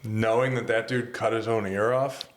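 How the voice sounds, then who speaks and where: A young man co-hosting a comedy podcast, dropping crude deadpan quips. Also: lowish voice, moderate pace. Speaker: podcast co-host. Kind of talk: casual comedy podcast chat. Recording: roomy mic with faint noise.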